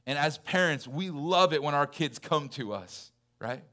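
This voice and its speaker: A man in his thirties preaching a sermon in a church, chatty and full of fillers, dropping to soft, intense lows. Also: expressive, measured pace. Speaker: pastor. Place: church hall.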